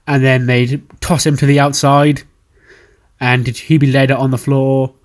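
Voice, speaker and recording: A man narrating a game playthrough in a casual, chatty, offhand recap. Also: medium pitch. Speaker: game commentator.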